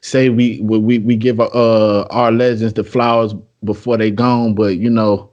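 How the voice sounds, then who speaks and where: A man's voice: lowish voice, flat delivery, a little slow, a little mellow, highs cut off. A man hosting a podcast, asking questions in a laid-back casual way, full of fillers. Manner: laid-back, many yeahs and you-know fillers. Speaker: podcast host.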